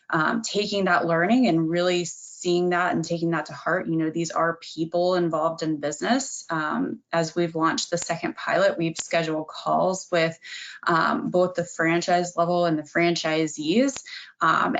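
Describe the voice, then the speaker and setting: Woman speaking in a business webinar. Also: low voice. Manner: measured, filler-heavy with frequent ums.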